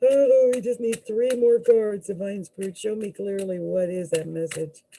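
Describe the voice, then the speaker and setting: A woman's voice: medium pitch, steady tone, slow pace, warm tone, slight background noise, rough recording. A woman astrologer giving a live tarot reading, musing aloud with hesitant fillers and restarts and exclaiming in surprise as cards fall out.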